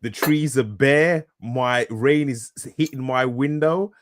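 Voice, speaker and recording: A man's voice: medium pitch, slow pace, background noise. A man co-hosting an author podcast, casual and joking with frequent swearing and rambling asides. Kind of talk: casual chat.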